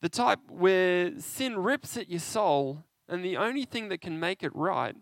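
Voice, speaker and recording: A man delivers an interactive sermon, animated and conversational, frequently putting questions to his listeners. He has a high-pitched voice with vocal fry and an unhurried delivery, captured in a dry recording.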